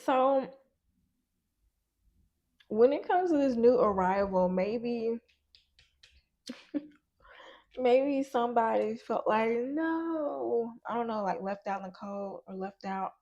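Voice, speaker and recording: A woman's voice: on the high side, animated, slow, long pauses, mellow, lo-fi sound. A woman giving a casual tarot reading while chewing gum, chatty and musing aloud, often laughing and trailing off. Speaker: tarot reader.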